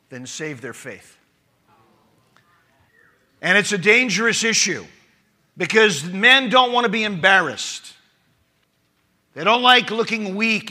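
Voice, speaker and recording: A man's voice: fairly high pitch, pushed and bright. A man preaching a sermon, telling a story and reading scripture aloud, with emphatic rising lines. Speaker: pastor.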